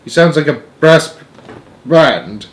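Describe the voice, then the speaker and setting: A man voicing a blustering, hot-tempered father who shouts often, in a storybook reading. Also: on the high side, lively intonation, takes it slowly, voice pushed up. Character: blustering short-tempered middle-aged father.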